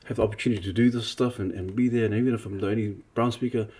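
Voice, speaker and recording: A man from Samoa talks fast and animated in a casual podcast conversation, telling stories and acting out the lines of others. His voice is dark and husky, and he often restarts his sentences. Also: lowish voice. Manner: animated, acts out quotes, many restarts. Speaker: preacher and artist. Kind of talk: casual podcast chat, storytelling.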